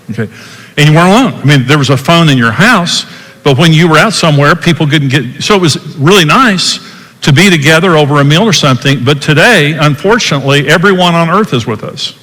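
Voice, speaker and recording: An older man teaches on marriage in a folksy, repetitive way and acts out tones of voice as he goes. His voice sits fairly high and sounds bright and forceful. A long hall reverb trails behind his words. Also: expressive, fast talker.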